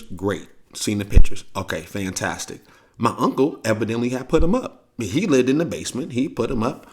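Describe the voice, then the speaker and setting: A man's voice: medium pitch, husky. A man with a St. hosting a podcast, telling a family story in a loose, profane, casual way and acting out the quoted voices. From St. Louis, USA. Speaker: podcast host.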